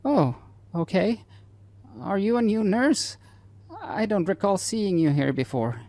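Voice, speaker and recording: A man's voice: expressive, slow, a little mellow, dry recording, heavily acted. A man voicing a frail, confused elderly mother with a shaky, quavering voice. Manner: high quavering falsetto.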